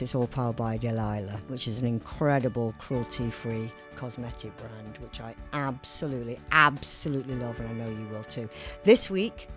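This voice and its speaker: A woman hosting a podcast in casual chat, playful and theatrical, laughing at her own jokes. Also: extremely low pitch. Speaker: podcast host.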